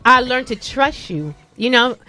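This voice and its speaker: A woman makes an earnest point on a live radio panel, leaning on rhetorical questions. Her voice is bright and sits slightly high, with faint music quietly underneath. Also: animated, a little slow, poor audio.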